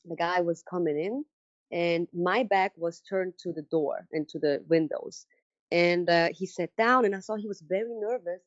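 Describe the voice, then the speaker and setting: A woman's voice: lowish voice, normal speed, no room sound. Woman telling her story on dull, dry audio. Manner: animated storyteller who acts out quoted dialogue; frequent fillers and restarts, casual phrasing. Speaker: interview guest. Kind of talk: telling a personal story in conversation.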